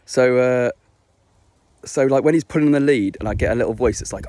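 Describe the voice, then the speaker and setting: A man's voice: mid-range voice, brisk, dark tone. A young man chatting casually to camera, rambling and swearing, full of fillers and restarts. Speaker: vlogger.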